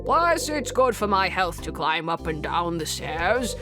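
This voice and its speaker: A grumpy old man, as a woman puts him on, grumbles in short, dismissive replies. His voice sits low and sour, with no patience for small talk. He sounds like a gruff video game neighbor who wants to be left alone. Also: very animated, measured pace, music in the background.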